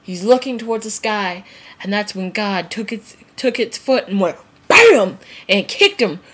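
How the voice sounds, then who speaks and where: A woman's voice: medium pitch, animated, a little slow, a bit bright, husky. A woman vlogger ranting casually and comically to camera, rambling, laughing at herself and swearing freely. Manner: rambling, giggly, swears freely, acts out quotes. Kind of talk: casual comedic rant to camera.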